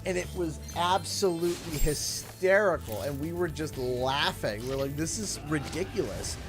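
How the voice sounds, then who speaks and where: A Canadian man with a slightly high voice talks casually over a game stream. He rambles through stories, laughs often and restarts his sentences, with faint game music underneath. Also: moderate pace. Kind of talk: casual chat while gaming.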